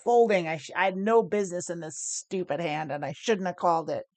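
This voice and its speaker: A woman's voice: fairly low pitch, fairly quick, a little mellow, no room sound. An American woman streaming online poker, talking casually as she plays and explains her moves, chatty and self-mocking, laughing often and swearing lightly. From United States. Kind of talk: live-stream gameplay commentary.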